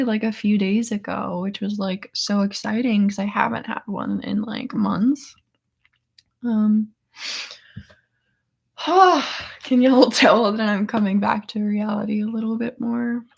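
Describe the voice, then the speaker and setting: Drained young woman, soft raspy voice. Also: mid-range voice, unhurried. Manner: soft, half-whispered and emotional, laughing often. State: worn out after a seizure. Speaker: vlogger hosting a live chat. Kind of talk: casual live-stream chat.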